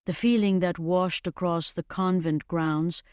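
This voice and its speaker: A narrator reading a fantasy story slowly and evenly, in a scripted storybook style. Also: mid-range voice, smooth, dry recording, clean studio sound. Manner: slow, measured and even.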